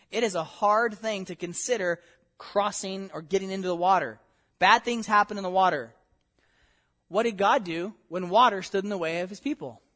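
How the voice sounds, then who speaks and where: A man teaching a conversational Bible lesson, animated and laughing often, checking in with "okay?" and "right?". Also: high voice.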